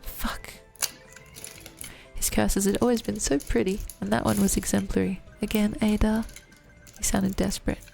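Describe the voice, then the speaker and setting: A woman reading first-person romance fiction aloud in an even, low-key way. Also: normal speed, vocal fry, soft background music. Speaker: reader.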